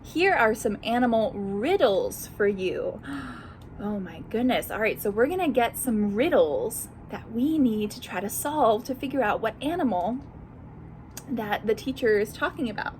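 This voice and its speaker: High, sing-song storytime librarian woman. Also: moderate pace, a little hiss or hum. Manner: sing-song, animated, quizzing young listeners. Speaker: children's librarian. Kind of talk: storytime read-aloud for children.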